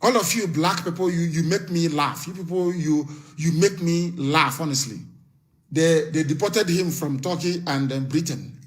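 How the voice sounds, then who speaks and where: Impassioned man, raised pitch. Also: moderate pace. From Nigeria. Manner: impassioned, hammering rhetorical questions; issues stern warnings. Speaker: political activist leader. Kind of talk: live broadcast address.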